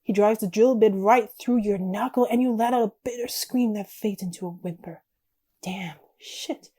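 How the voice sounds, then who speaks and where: A woman's voice: medium pitch, fairly quick, warm tone. A young woman reading a text-based game aloud and chatting through her choices as a YouTuber.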